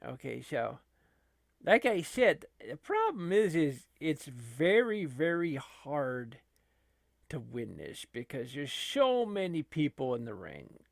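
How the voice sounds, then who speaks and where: A man's voice: fairly high pitch, huge pitch swings, slow, gravelly, no echo. A man casually commentating a wrestling video game as a channel host, rambling with many fillers and laughing between remarks. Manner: rambling, laughing, filler-heavy, lots of restarts.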